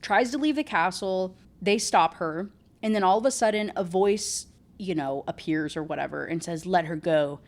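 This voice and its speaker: A woman's voice: on the low side, lively intonation, moderate pace. A woman recapping a novel in a casual, rambling chat with sarcastic asides, saying "like" a lot. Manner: chatty, rambling, full of "like". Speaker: book reviewer.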